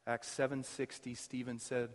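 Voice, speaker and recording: A man preaching a sermon as pastor, his emphasis surging loud and then dropping to near quiet. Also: mid-range voice, level tone, normal speed. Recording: reverberant hall.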